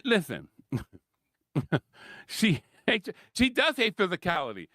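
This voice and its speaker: A man with a high, lively voice delivers a heated solo sports rant, swinging widely in pitch as he laughs and hammers his points home. The sound is close and dry, with no room around it. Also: unhurried, long pauses, no room sound. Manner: animated, laughs often, repeats points for emphasis. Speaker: sports commentary host.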